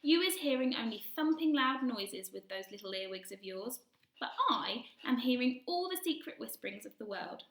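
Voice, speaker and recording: A woman's voice: fairly high pitch, expressive, normal speed, a bit bright, roomy sound. A woman voicing a kindly male giant who mangles his grammar and invents words, reading a storybook aloud. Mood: earnest, boastful. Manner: jumbled grammar, twisty made-up words. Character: kindly big-eared male giant, gentle, earnest.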